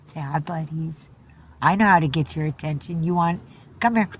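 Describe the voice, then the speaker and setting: A woman's voice: low voice, normal speed, a little hiss or hum, low-quality recording. A woman on a casual livestream, cooing baby talk to her cats.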